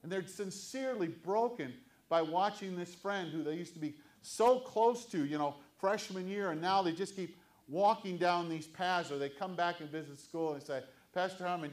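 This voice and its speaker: A man's voice: a little high, moderate pace. An older man, a pastor, preaching an earnest, conversational sermon to his congregation.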